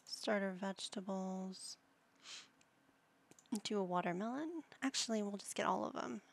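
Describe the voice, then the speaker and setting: A woman gives relaxed gameplay commentary, thinking aloud and chatting to herself as she plays. She talks slowly and takes her time, now and then dropping into a soft whisper. Her voice has a gravelly, creaky edge. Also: medium pitch. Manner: chatty, musing to herself, drops to a whisper at times. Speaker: gaming channel host.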